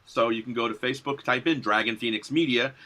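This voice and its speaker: This guest, a middle-aged filmmaker and graphic designer, talks fast in a mid-range voice. Discussing his film and design projects in a casual interview, he comes across as eager, animated and quick to laugh.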